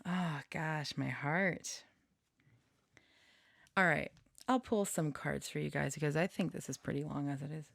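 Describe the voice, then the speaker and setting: Low, gravelly-voiced woman, slow and soft. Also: no echo, clean studio sound. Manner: soft, unhurried, reflective, often drops to a whisper. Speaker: channeler and tarot reader. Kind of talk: casual chat with channeled messages.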